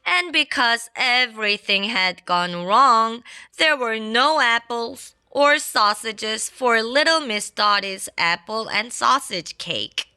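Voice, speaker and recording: Bright-voiced woman reading a children's storybook. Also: a little high, slow, smooth. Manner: playful and expressive, adds sound effects. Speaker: storybook reader. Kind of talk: children's storybook read-aloud. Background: faint classical background music.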